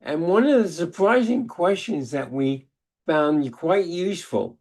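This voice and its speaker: Older man, slow measured lecture, halting restarts, personal storytelling, video call mic. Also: fairly high pitch, animated, a little mellow. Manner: deliberate, halting delivery with many restarts. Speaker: psychologist giving a webinar talk. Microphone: video call microphone.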